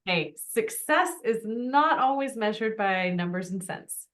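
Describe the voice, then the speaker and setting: A woman's voice: medium pitch, animated, unhurried, fairly bright tone. A woman hosting a podcast interview, encouraging her guest with enthusiastic affirmations. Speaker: podcast host. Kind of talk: casual interview chat.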